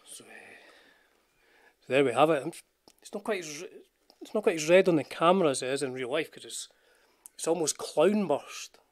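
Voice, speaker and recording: Expressive and fairly high-pitched, an older man from Scotland speaks at a normal speed with frequent pauses as he chats about guitars on a live stream. He hosts a guitar channel, rambles, jokes at his own expense and greets viewers in the chat. He has headphones on and a desk mic, and the recording is dry.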